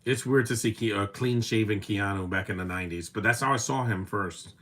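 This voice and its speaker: A man in his thirties talks over a movie in a relaxed, casual way. His voice sits a little low, and he rambles with opinions, fillers and restarts. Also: a little fast. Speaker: movie commentator. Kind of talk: casual live watch-along commentary.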